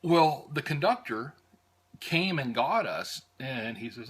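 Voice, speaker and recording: An American man recounts his travels in a loose, rambling storytelling style. He pauses often with "uh" and restarts his sentences, his voice sitting in an ordinary middle pitch. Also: big pitch swings, slightly rough. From United States. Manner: rambling, many "uh"s and restarts, warm fondness. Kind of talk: casual storytelling.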